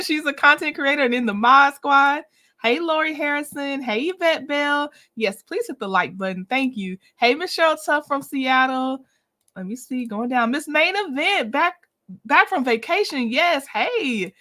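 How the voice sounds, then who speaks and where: A woman's voice: sits high, unhurried, pushed and bright. A woman hosting a casual livestream, chatty and greeting viewers by name with frequent laughs. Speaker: commentary channel host.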